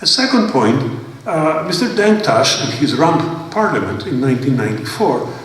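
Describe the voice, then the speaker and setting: A man's voice: mid-range voice, big pitch swings, moderate pace, fairly bright tone, slight background noise. A man giving a formal seminar lecture, emphatic and with wry asides. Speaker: guest speaker at a seminar. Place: large lecture hall. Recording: echoey hall, voice from far off.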